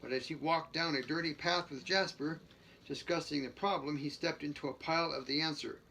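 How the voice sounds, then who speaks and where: A man's voice: a little high, steady tone, fairly quick, gravelly, pushed and bright, slight background noise. A man reading a book aloud, stumbling and restarting and dropping jokey asides between passages. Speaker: reader.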